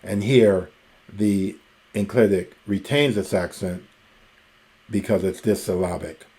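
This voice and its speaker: Male teacher, deep voice, unhurried and methodical, lecture delivery with frequent pauses. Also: a little mellow. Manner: slow, methodical, pausing often with ums. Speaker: Greek teacher. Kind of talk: recorded grammar lecture.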